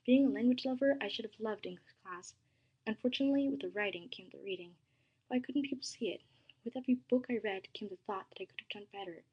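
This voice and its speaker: A woman narrating a first-person story in a soft, dramatic reading voice that drops to a hush at times. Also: a little high, quick pace, breathy edge, highs cut off.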